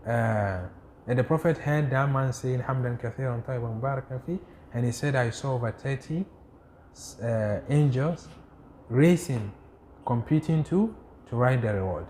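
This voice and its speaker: Guy teaching a religion class, mellow voice, keeps going "what?" and answering himself, faint hiss behind. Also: mid-range voice. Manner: asks rhetorical "what?" questions and answers them himself; recites Arabic quotations rapidly. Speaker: Islamic studies teacher. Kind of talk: classroom lecture with questions.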